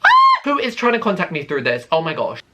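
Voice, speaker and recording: A man's voice: sing-song, fast talker, heavy background noise. A man, chatting casually to camera in his bedroom in a camp, dramatic, oversharing way. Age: 20s. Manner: camp, dramatic and oversharing, with sudden high squeals. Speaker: YouTuber.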